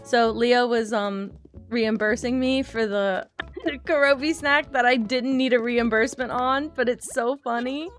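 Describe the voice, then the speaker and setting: A woman's voice: a little high, unhurried, faint music behind. A woman streamer chatting casually with her chat while playing a game, laughing and apologizing often.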